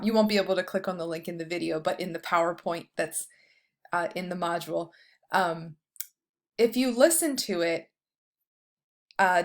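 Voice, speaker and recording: A woman professor giving a recorded lecture over slides, explaining in a casual way with frequent fillers. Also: mid-range voice. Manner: reads verse slowly, stressing each beat.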